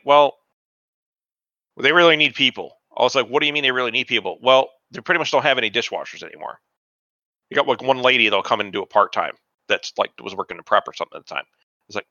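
A man casually telling a profane, animated story about an old job, acting out the dialogue. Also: on the low side, dry recording, muffled recording. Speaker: podcast co-host.

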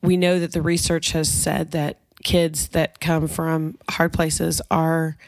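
A woman's voice: sits low, flat delivery, slow pace, a little mellow, no echo. A woman co-hosting a parenting podcast, explaining things thoughtfully in casual chat. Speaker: podcast co-host.

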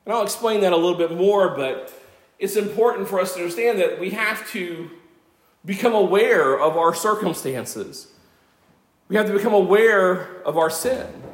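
A pastor in his fifties preaches a sermon in an earnest, conversational way, adding self-deprecating asides. His high voice moves at a moderate pace in an echoey church room.

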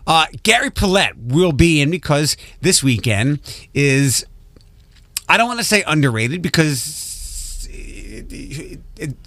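A man's voice: fairly high pitch, big pitch swings, slow, a bit bright, no echo. A man hosting a casual morning radio show, running through the lineup with frequent restarts and asides. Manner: rambling, self-interrupting, reads show rundown. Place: radio studio. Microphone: studio microphone.

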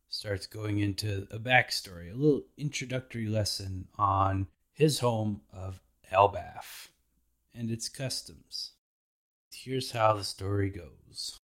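A man's voice: fairly low pitch, a bit bright. A man hosting a podcast, recapping anime episodes in a laid-back, slangy way.

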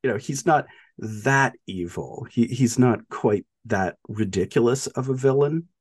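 Male podcast co-host, slightly husky, animated and rambling, restarts a lot, dry room. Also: medium pitch, no room sound. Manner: halting, many restarts and fillers, laughs often. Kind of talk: casual film discussion.

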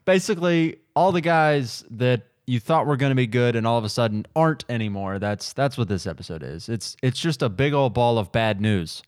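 A man's voice: medium pitch, brisk, few pauses, no room sound, clean studio sound. A man hosting a podcast in casual chat, laughing easily and rambling a bit. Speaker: podcast host.

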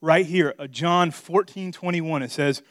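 Unhurried and fairly high-pitched, a middle-aged pastor shares a personal story as he preaches. His delivery alternates between soft asides and loud, emphatic moments, captured in clean studio sound with no echo.

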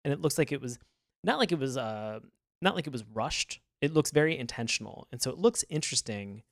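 A man co-hosting a podcast in casual chat, rambling and animated, laughing often. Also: mid-range voice, brisk, creaky, no echo, studio quality. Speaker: podcast co-host.

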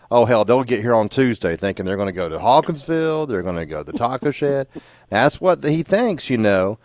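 A man's voice: lowish voice, no echo, studio quality. A man hosting a sports radio show, teasing his guest in folksy, joking banter.

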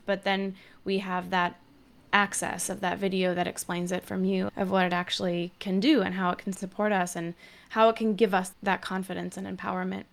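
A woman in the middle of her pitch range hosts a podcast conversation. She is agreeable and keeps the talk going with frequent short affirmations. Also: steady tone, fairly quick, fairly bright tone. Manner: agreeable, backchannels often. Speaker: podcast host.

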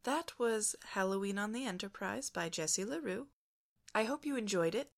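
A woman podcast reader narrating a fan story in a calm, even way. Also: mid-range voice, normal speed, gravelly. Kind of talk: scripted narration.

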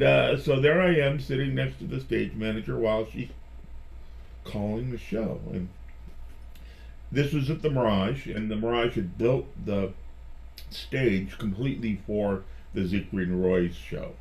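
Chatty man telling an anecdote. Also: mid-range voice. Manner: chatty, animated storyteller who restarts phrases. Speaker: magician guest. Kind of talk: personal storytelling in conversation.

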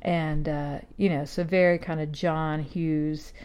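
A woman's voice: low voice, little pitch movement, slow pace, a little mellow, clear, resonant tone. A woman in her fifties hosting a podcast, talking in a casual, meandering way full of fillers and restarts. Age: 50s. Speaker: podcast host. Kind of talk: casual rambling monologue.

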